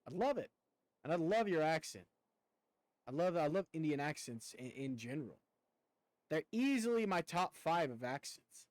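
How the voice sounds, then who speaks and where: A man's voice: on the high side, big pitch swings, moderate pace, pauses often, no room sound, low-quality recording. A young man with a slight rural Southern twang, chatting casually with viewers while he plays a game, rambling and swearing now and then. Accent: rural American Southern twang. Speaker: streamer.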